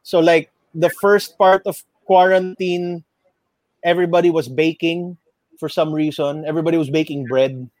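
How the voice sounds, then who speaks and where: Filipino male host, high voice, loose rambling talk, dry sound. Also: little pitch movement, normal speed, darkish tone, no echo. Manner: rambling, self-correcting, mixes Tagalog into English. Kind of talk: casual chat.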